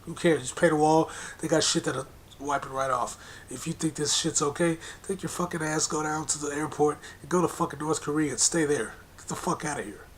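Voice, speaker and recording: Profane, ranting man with a raised pitch. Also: brisk, slight background noise. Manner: angry, profane, confrontational; repetitive emphatic hammering of points. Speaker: political commentator. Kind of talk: monologue rant.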